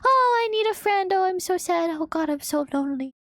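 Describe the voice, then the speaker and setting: A woman's voice: very high-pitched, expressive, brisk, a bit bright, no room sound, studio quality, pitched above the performer's own voice, full character voice. A woman voicing a sad, lonely young man who wants a friend, in a whiny, mopey way.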